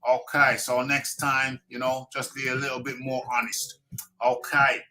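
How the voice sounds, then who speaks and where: A man's voice: mid-range voice, monotone, normal speed, sharp tone, faint music behind. A man hosting a live boxing talk show, insistent, repeating himself and talking over his guests. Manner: insistent, repeats phrases, talks over others; pushes viewer buttons like a presenter.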